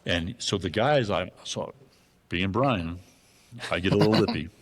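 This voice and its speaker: A man telling a hunting story in a casual interview, animated and profane, acting out the voices of the people in it. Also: sits low, a little slow. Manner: animated, profane, acts out dialogue in his stories. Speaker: guest.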